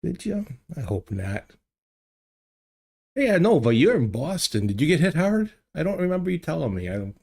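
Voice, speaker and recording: Through a desk mic in his home studio, an older man rambles to his live chat viewers, full of fillers and restarts. His rather high, creaky, darkish voice swings widely in pitch at a moderate pace and pauses often.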